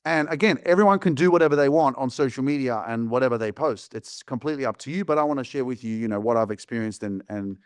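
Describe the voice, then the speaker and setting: Male host, animated and sarcastic monologue, mid-pitched, dry close mic. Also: quick pace, hardly any pauses, clear, resonant tone, no room sound. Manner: animated storytelling, sarcastic asides, frequent fillers. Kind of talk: casual monologue.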